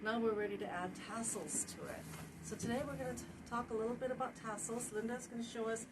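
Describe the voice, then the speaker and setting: A woman's voice: fairly high pitch, fast. A woman hosting a casual craft video, chatting and introducing her friend's demonstration. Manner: chatty, with fillers. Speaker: host. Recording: distant mic with noise.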